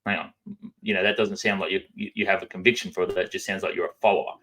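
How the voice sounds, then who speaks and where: Low-voiced Australian man with a drawl. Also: flat delivery, quick pace, sharp tone. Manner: says um a lot, talks with a drawl and barely opens his mouth. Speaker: guest. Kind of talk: casual conversation.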